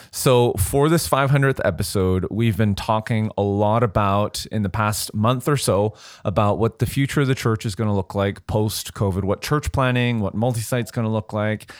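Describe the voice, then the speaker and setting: A low-voiced man hosting a podcast who keeps the talk on course in a steady, easy tone. His voice is dry and close to the mic. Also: moderate pace, dry recording. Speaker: podcast host. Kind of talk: casual podcast chat.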